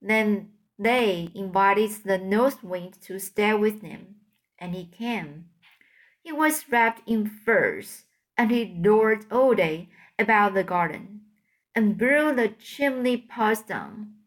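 A woman reads a fairy tale aloud at a slow, careful pace. She trips over hard names and restarts her phrases, correcting herself as she goes. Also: medium pitch, animated. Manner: slow, halting, with slips and self-corrections. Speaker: audiobook reader.

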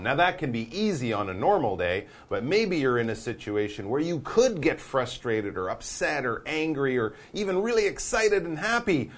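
A man hosting an English lesson, explaining in a casual, playful way and acting out examples. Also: medium pitch. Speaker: English teacher host.

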